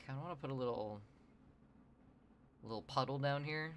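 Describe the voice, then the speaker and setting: A man's voice: medium pitch, moderate pace, fairly bright tone, a little hiss or hum. A man streaming his drawing session, rambling and joking with his chat. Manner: rambling, jokey, talks to chat. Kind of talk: casual livestream chat while sketching.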